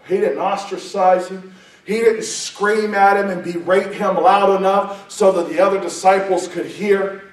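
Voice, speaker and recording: A man preaching a sermon, speaking emphatically and building to loud, passionate peaks. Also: high-pitched, fairly even intonation, measured pace. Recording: very echoey room, voice far from the mic.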